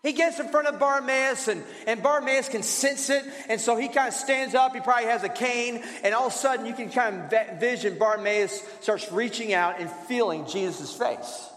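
A man's voice: very high voice, moderate pace, hardly any pauses, a bit bright. A man preaching a sermon as pastor, in a conversational style with rhetorical questions and repetition. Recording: roomy hall reverb.

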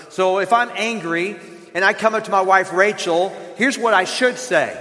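A pastor preaching a sermon in an earnest, conversational way, acting out examples. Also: male voice, high voice, normal speed, bright, forceful tone, big-room sound.

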